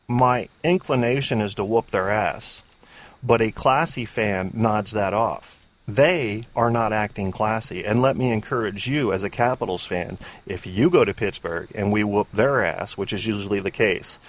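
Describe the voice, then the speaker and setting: A man's voice: fairly low pitch, a little slow. A man hosting a casual call-in sports talk show, opinionated and rambling off on tangents, with frequent swearing. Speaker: sports podcast host.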